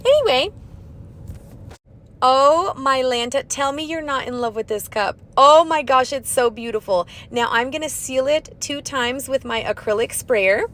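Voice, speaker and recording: A young woman hosting a crafting tutorial in a chatty voiceover, talking fast and bubbly with silly sing-song asides. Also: high-pitched, fairly bright tone.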